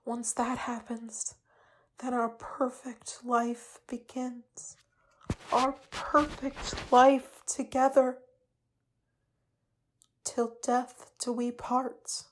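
A woman's voice: on the high side, completely flat delivery, takes it slowly, few pauses. A woman playing a possessive, obsessive young lover. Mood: tender, doting. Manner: breathy, pleading, repeats endearments. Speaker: audio role-play performer. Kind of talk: intimate audio role-play.

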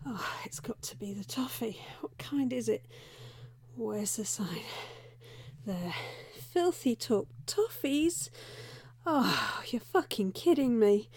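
A woman playing Candy, a breathy, flustered whispering reporter. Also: on the high side, lively intonation, takes it slowly, darkish tone, no room sound, full character voice. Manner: frantic, self-scolding, blurting curses. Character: flustered young female undercover reporter. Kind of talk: whispered role-play.

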